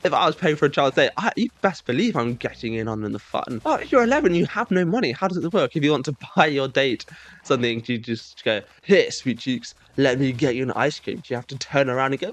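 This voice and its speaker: A young man telling a sarcastic comedic monologue, mock-self-righteous, breaking into shrill squeaky voices when he mimics kids. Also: lively intonation, quick pace. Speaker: comedic storyteller.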